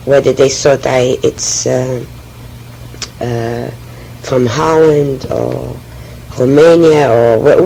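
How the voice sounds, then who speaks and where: A woman with a French accent, speaking haltingly and often restarting as she tells her personal oral history. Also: deep voice, creaky, warm tone, slight background noise, poor audio. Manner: hesitant, halting, with frequent restarts. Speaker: memoir speaker.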